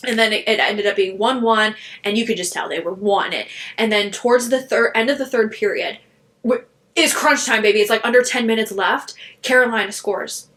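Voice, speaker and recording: A woman co-hosting a podcast, telling a long story in an excited, rambling way. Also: medium pitch, a little fast. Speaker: podcast co-host. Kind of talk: casual chat.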